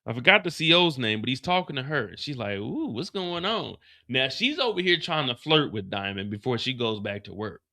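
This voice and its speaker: A man hosting a live stream, recapping a TV episode in a casual, profane, animated way. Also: medium pitch, brisk, hardly any pauses.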